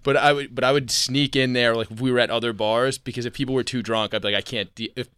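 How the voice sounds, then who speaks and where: A man, a guest comedian, rambling through quick anecdotes in casual chat. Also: medium pitch, fairly even intonation, a bit bright, clean tone, no echo, studio quality.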